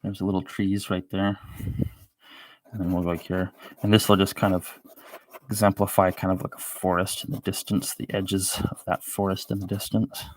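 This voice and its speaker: Sitting low and level at normal speed, a show host's voice carries rambling live-stream commentary as he draws. He throws in sardonic asides along the way.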